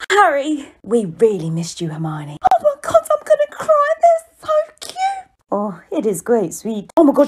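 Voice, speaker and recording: Woman doing lively comic voices. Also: sits high, slightly rough. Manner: quick comic voice switching, exaggerated swings. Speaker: comedy sketch creator. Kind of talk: parody sketch acting many roles.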